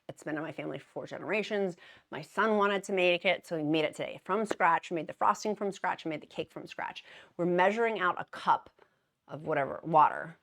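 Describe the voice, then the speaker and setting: Brief: woman in her thirties, jokey vlogger, animated pitch swings. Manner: chatty, jokey, laughs at herself, says "y'all" and "honey". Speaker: weight-loss vlogger. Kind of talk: casual chat to camera.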